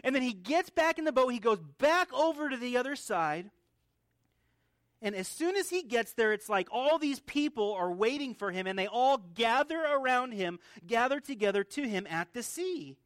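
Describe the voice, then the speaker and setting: A man's voice: very high-pitched, lively intonation, normal speed, fairly bright tone, no room sound, studio quality. A male pastor preaching an expository sermon in an earnest teaching manner, often restarting and repeating words. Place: church.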